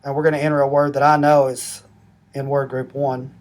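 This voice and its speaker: A middle-aged man walking through a language-learning app step by step, explaining rules slowly and methodically. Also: medium pitch, little pitch movement. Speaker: app demonstrator. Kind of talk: screen-recorded app tutorial.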